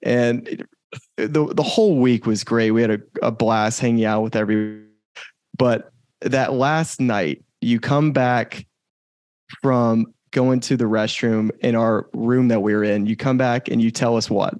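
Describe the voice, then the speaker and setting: A man in his thirties hosts a podcast, steering his guest with easygoing questions and frequent chuckles. His voice sits at a middle pitch. The recording is close and dry. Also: steady tone, a little slow, a little mellow, dry recording. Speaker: podcast host. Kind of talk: casual interview chat.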